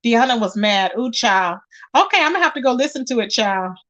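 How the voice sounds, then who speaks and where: High-pitched woman host, lively chatty stream talk, greets viewers warmly by name. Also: a little fast, dull audio. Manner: animated, chatty, calls viewers "child" and "baby". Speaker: livestream host reading chat. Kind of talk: casual chat.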